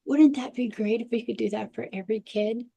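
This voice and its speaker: A woman guest expert on parenting, telling a lively anecdote in an interview. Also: a little high, brisk, creaky. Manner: animated anecdotal storytelling. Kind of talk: storytelling interview talk.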